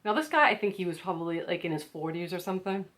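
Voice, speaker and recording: Speaking fast and animated, this young American vlogger has a lower, somewhat bright voice as she tells her viewers a casual story. It's packed with "like," and she performs each quote in a chatty way.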